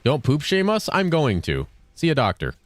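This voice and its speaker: A man streaming games and chatting casually with his viewers, with dry, fairly monotone banter. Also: fairly high pitch, moderate pace, no echo. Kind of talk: casual chat while gaming.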